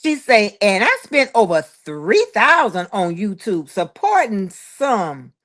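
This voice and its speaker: A woman's voice: mid-range voice, sing-song, slow, fairly bright tone. A woman hosting a live stream in casual chat, reading viewer comments aloud and calling listeners honey, child and boo. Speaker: livestream host.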